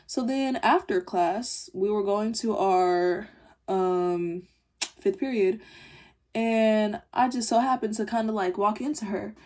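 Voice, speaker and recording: A woman's voice: medium pitch, normal speed, mellow. A teenage girl telling a rambling, irritated story about a classmate in a casual video diary. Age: teens. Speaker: vlogger.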